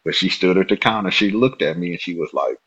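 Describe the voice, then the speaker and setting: A man telling a personal story as a podcast guest, animated and lively, acting out the dialogue. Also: low voice, fast talker, husky, lo-fi sound. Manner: animated, lively, exclaiming, quoting others in dialogue.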